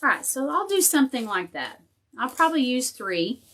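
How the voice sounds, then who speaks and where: A woman's voice: sits high, sing-song, moderate pace, a bit bright, slight background noise. A woman hosting a casual live crafting tutorial. She thinks aloud as she works and chats with viewers and her dog.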